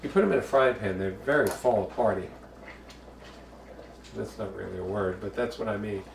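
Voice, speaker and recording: A man's voice: on the low side, moderate pace, vocal fry, echoey room, far from the mic, a little hiss or hum. A man from the Bronx, hosting a casual home cooking show, chatty and jokey with bawdy asides. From the Bronx, New York.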